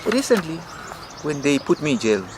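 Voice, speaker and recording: A middle-aged man with a Zimbabwean accent speaks in a fiery, emphatic, rhetorical way, pressing each point as a campaign leader. His voice sits somewhat high for a man, with a faint hum of outdoor city sound behind him. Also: big pitch swings, moderate pace. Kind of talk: political interview. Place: outdoor restaurant in city gardens.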